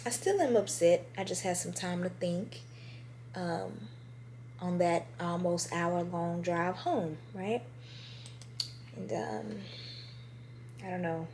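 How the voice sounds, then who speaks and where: A woman's voice: lowish voice, slow pace, pauses often, a little mellow, a little hiss or hum. A pregnant woman in her twenties chatting casually to her viewers at home, speaking straight to camera. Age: 20s. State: heavily pregnant. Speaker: vlogger. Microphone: on-camera mic.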